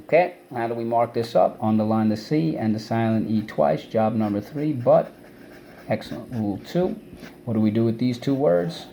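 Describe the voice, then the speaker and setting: Guy teaching kids spelling words over video, mellow warm tone, bit of hiss behind. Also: mid-range voice, normal speed, creaky. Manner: energetic, repeats words and syllables for students. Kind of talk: online vocabulary lesson for kids.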